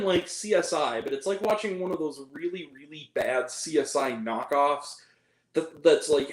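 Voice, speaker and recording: A man giving a casual, animated movie review, mocking the film with quick impressions of its lines. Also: sits high. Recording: roomy echo.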